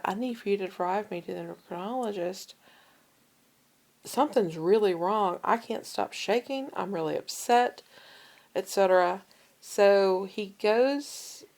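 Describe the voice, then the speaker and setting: A woman's voice: medium pitch, creaky. A woman in casual conversation, telling a personal story and acting out the people she quotes. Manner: storytelling, animated when quoting others. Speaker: podcast co-host. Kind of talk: casual chat.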